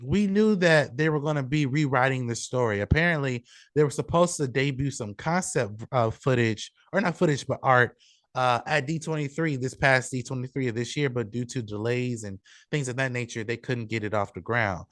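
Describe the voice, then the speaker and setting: A man's voice: medium pitch, moderate pace, a bit bright, no echo, clean studio sound. A man hosting a casual podcast, reading out a listener's question and rambling through his thoughts with many fillers and restarts. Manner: rambling, filler-heavy, self-correcting. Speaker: show host.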